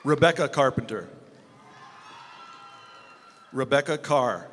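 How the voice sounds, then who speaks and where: A man calling out graduates' names at a graduation ceremony in a slow, steady way. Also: mid-range voice. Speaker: name reader at a graduation. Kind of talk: reading out names. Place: large hall at a school graduation. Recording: echoey hall with crowd noise.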